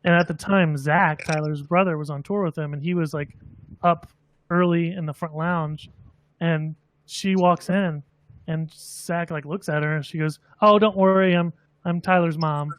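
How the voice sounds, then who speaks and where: A man's voice: fairly high pitch, normal speed, dry recording. A man on a casual group voice call, telling backstage tour stories and acting out the people in them. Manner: animated storyteller, acts out quoted people loudly. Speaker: guest crew member telling tour stories.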